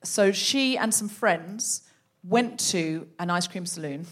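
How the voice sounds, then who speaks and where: A woman's voice: on the low side, slow pace. A woman hosting a live comedy podcast on a theatre stage, chatty and leading the story. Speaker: podcast host.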